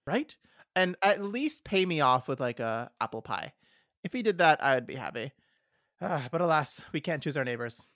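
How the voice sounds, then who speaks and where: A man's voice: a little high, very animated, moderate pace, fairly bright tone, dry recording, studio quality. A man co-hosting a podcast in casual chat, wry and talkative with a slightly theatrical streak. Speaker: podcast co-host.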